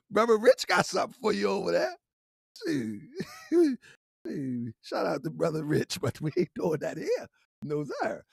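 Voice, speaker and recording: Fiery, high-pitched, gravelly man ranting. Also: dry recording, clean studio sound. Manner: preachy, repetitive calls and answers; shouting, then quiet and laughing. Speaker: online commentary host. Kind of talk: fiery talking-head rant.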